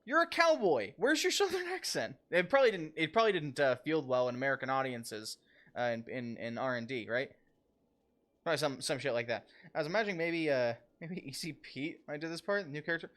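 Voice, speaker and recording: A man streaming a video game, chatting casually in a rambling, excitable way with laughter and swearing. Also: a little high, a little fast. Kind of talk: casual livestream gaming commentary.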